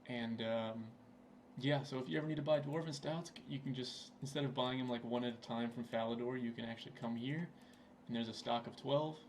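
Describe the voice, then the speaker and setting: This gaming channel host is a young man with a medium-pitched, slightly mellow voice who talks a little fast with fairly even intonation. He rambles in a laid-back way over his gameplay at his computer, with frequent fillers, and there's slight background noise.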